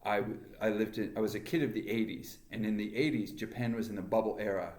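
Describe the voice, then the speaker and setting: A man's voice: fairly low pitch, level tone, fast, a little mellow. Man, Canadian accent, podcast co-host, rambling storyteller, roomy echo. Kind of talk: casual chat. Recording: echoey room.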